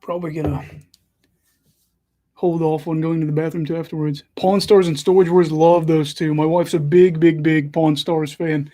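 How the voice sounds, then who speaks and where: Young male livestream host, fairly high mellow voice, casual chatty hockey commentary. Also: flat delivery, normal speed. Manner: chatty, self-deprecating, follows play live.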